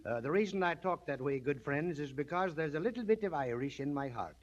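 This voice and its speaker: Jaunty high-voiced man on an old radio show. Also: lively intonation. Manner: jaunty, jokey, quick asides. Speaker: radio show host and singer. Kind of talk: 1930s radio variety patter. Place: radio studio. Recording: dull 1930s transcription disc with orchestra.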